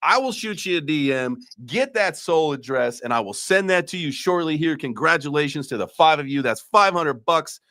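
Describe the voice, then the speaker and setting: A man's voice: a little high, expressive, normal speed, hardly any pauses, sharp tone, dry recording. A man hosting a casual crypto livestream, joking loosely and swearing freely. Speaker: host.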